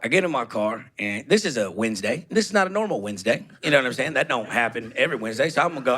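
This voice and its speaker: A man's voice: mid-range voice, animated, racing, hardly any pauses. A man, a guest on a chat show, telling a long story casually with many fillers and laughs.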